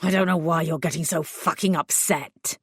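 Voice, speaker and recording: A woman's voice: low voice, fairly even intonation, moderate pace, a bit bright, breathy edge, no room sound, studio quality. A woman voicing a spiteful retired male vicar who blusters and sneers, in an audiobook. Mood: contemptuous. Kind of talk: audiobook character voice.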